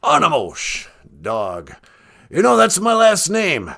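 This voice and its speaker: A man's voice: high-pitched, wildly swooping pitch, takes it slowly, vocal fry, pushed and bright, heavily acted. A man voicing a goofy male talking dog who calls in to a podcast, with a folksy, jokey delivery. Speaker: caller. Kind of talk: comedy call-in sketch.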